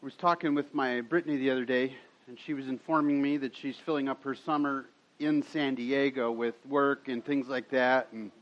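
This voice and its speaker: A middle-aged pastor with a medium-pitched, steady voice preaches at a moderate pace. He tells stories in a chatty way and laughs often, captured on a dull, lo-fi recording.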